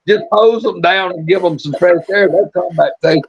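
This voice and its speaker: On a live show, a male storyteller tells a folksy yarn in a high, creaky, slightly rough voice at normal speed. He drawls and keeps restarting his sentences, and the lo-fi stream audio sounds muffled.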